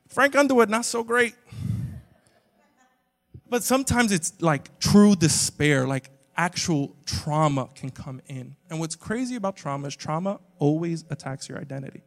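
A young man preaching a sermon to a live audience, talking casually with many "like"s and swinging between quiet stretches and loud emphatic bursts. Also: high-pitched. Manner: casual and conversational, peppered with "like". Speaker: pastor. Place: live church auditorium with an audience. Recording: long reverb of a large hall.

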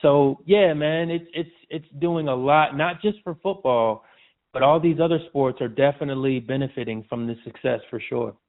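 A man with a mid-range voice talks at a moderate pace as a podcast guest, his audio tinny and phone-like. The interview chat is casual, full of repeats and restarts, and he often calls the host "man".

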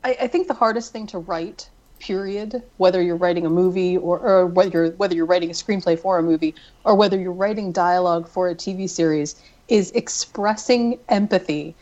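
A woman's voice: fairly low pitch, fairly quick, few pauses, darkish tone, highs cut off. A woman co-hosting a casual chat, thoughtful and admiring, repeating words as she thinks. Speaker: podcast co-host.

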